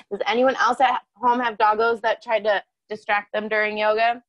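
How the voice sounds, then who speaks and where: A woman's voice: medium pitch, fairly even intonation, normal speed, fairly bright tone, a little hiss or hum. A woman leading a children's yoga class, cheerful and encouraging, asking the kids questions as she guides their breathing.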